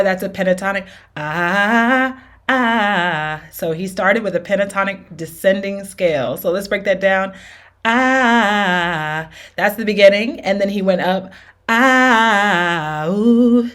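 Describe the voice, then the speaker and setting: A woman teaching an R&B singing lesson with demonstrations, upbeat and encouraging, often checking in with her students. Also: medium pitch. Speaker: vocal coach.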